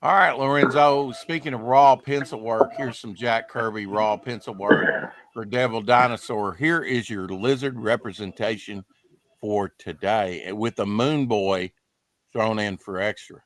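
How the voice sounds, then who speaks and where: A man's voice: fairly low pitch, unhurried. A man hosting a casual podcast about comics, chatty and rambling, reading promos aloud. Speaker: podcast host.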